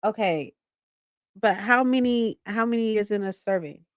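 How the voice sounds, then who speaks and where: A woman's voice: mid-range voice, moderate pace, no echo, studio quality. A young woman vlogging from home in a casual, bubbly, chatty way. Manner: bubbly, chatty, squeals when excited. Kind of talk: casual chat.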